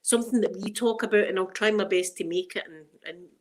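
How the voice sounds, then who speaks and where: Speaking fast in a mid-range voice, the Scottish livestream host, a middle-aged woman, chats casually. Her talk drifts from one funny story to the next, punctuated by frequent laughter.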